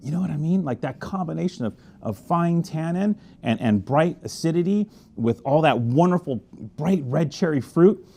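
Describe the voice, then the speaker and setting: A man's voice: a little high, expressive, normal speed, gravelly, warm tone. A man hosting a casual wine tasting review, talking enthusiastically with chatty asides and tasting murmurs. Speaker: wine merchant host.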